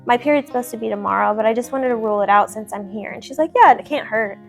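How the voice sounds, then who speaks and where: A young woman with a slightly raised pitch tells a long personal story at home. She talks casually and keeps it animated, and laughter slips into her telling. Soft music plays faintly behind her. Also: fast, creaky. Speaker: vlogger telling her husband news. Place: at home, seated with her husband.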